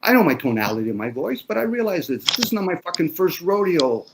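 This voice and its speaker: A man's voice: high voice, big pitch swings, quick pace, noisy background. A man in a casual conversation, talking bluntly with lots of swearing and sarcasm. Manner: blunt, profane ranting.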